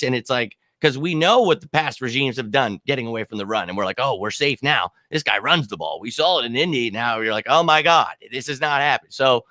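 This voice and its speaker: A man talks football on a casual podcast, emphatic and heated like a devoted fan. His voice is bright and forceful. The sound is dry and close, with no room around it. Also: medium pitch, no room sound. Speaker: podcast co-host. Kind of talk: casual sports chat.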